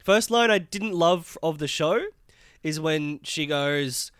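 Higher-voiced man chatting about a show. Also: slow pace, fairly bright tone, clean tone, dry recording, studio quality. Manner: chatty, swears, lots of fillers and agreeing yeahs. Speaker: podcast co-host. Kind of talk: casual TV recap chat.

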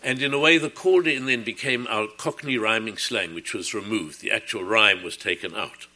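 A man's voice: fairly low pitch, normal speed, pushed and bright. A man talking through a creative project in a reflective, explanatory way, often restarting his sentences. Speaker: artist describing his work. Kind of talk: reflective talk.

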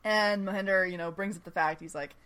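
Bright-voiced woman chatting excitedly. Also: medium pitch, fairly quick. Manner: chatty and enthusiastic, often laughing, filler-heavy. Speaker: podcast host recapping a TV episode. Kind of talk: casual chat.

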